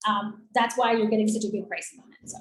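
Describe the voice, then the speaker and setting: A woman talking in a chatty, upbeat, persuasive way, pitching her business on a video call. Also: fairly even intonation, fast talker. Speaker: lead generation and call center business owner. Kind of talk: casual sales pitch on a coaching call. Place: in Colombia. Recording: roomy echoey room.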